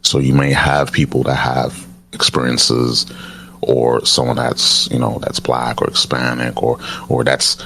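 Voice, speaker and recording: Very deep-voiced man in casual chat. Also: monotone, vocal fry, pushed and bright, slight background noise. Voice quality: deep, says he sometimes sounds baritone. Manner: halting, restarts often, says cadence is key. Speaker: podcast host.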